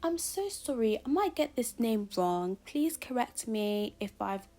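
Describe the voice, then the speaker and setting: A woman's voice: on the high side, sing-song, a little slow, warm tone. A woman voicing a hesitant, apologetic British schoolteacher taking the register, with a British accent and many ums. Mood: flustered, apologetic.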